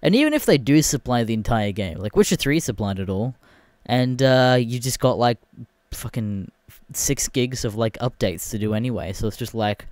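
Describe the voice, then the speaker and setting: Solo podcast host, man, swearing rant, pitch leaping all over, dry close sound. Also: expressive, moderate pace, a little mellow, dry recording. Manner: profane, exasperated ranting.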